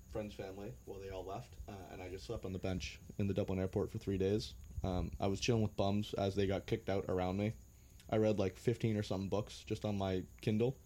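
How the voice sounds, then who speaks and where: A man's voice: lowish voice, warm tone. A young American man telling travel stories in a laid-back, joking way, with some swearing. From United States. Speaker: guest. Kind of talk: casual storytelling.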